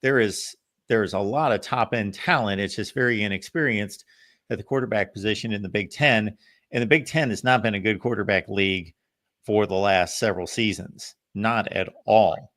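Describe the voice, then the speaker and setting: Male show host, low voice, steady and assured football analysis. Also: moderate pace. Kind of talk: casual sports talk.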